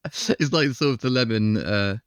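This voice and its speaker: A man's voice: mid-range voice, normal speed, smooth, no room sound, studio quality. A man as a podcast guest in casual chat, teasing and playful, laughing often. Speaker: podcast guest, band member.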